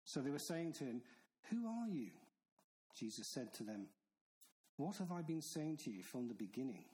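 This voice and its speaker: A man's voice: mid-range voice, very animated, normal speed, dark tone, a little hiss or hum, rough recording. A man preaching a sermon in an earnest, stern manner, with emphatic repetition. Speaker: pastor.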